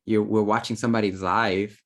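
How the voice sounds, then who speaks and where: A man's voice: fairly low pitch, little pitch movement, a little fast. A man giving a casual, playful talk on spirit guides, full of slang, fillers and quoted asides. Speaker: spiritual teacher.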